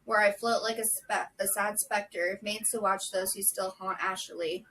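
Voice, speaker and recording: A woman reading a novel chapter aloud in a steady, measured way, with brief casual asides. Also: mid-range voice, far from the mic, a little hiss or hum, low-quality recording. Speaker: book vlogger.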